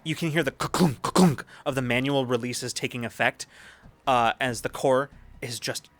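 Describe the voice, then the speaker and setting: A man's voice: medium pitch, moderate pace, a bit bright. A man narrating as game master of a sci-fi tabletop game, describing scenes in a rambling way with many restarts.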